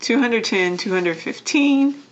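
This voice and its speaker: A young woman vlogger chatting casually as she counts cash into envelopes, often dropping to a soft murmur. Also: fairly high pitch, expressive, slow pace, dull audio. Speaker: vlogger doing budgeting videos.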